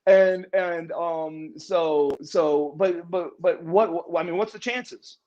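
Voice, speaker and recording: A man's voice: fairly high pitch, slow pace, a little mellow, muffled recording. A man telling stories as a podcast interview guest, rambling, restarting his words and chuckling often. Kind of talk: casual storytelling in a podcast interview.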